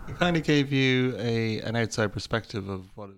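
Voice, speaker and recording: A man's voice: medium pitch, normal speed. A man co-hosting a casual chat, telling stories with dry, teasing humor. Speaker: podcast co-host. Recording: noisy background.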